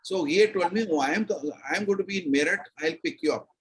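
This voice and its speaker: An older man with an Indian English accent, a retired army officer telling a personal story as an interview guest in an animated, emphatic way. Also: sits high, fast, breathy edge, rough recording. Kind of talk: storytelling in a conversation.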